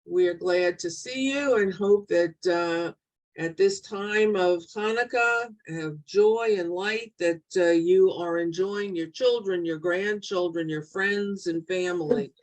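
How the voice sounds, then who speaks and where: Middle-aged woman teaching bible class on a video call, slow and halting, lots of ums, lowish voice. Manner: slow, halting, many fillers and restarts. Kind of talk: online Bible study lesson.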